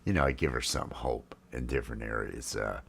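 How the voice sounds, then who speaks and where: A fiftysomething man hosts a laid-back live stream from home, coffee in hand. His rumbling low voice is creaky and husky yet fairly bright, delivered fairly quickly, with lots of fillers and restarts as he rambles.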